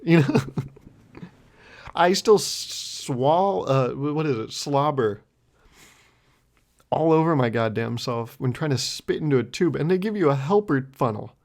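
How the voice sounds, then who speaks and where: A man's voice: a little high, lively intonation, moderate pace, a little mellow. A man in his twenties hosting a solo podcast, telling a rambling story in a self-mocking way, laughing often and swearing freely. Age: 20s. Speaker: podcast host.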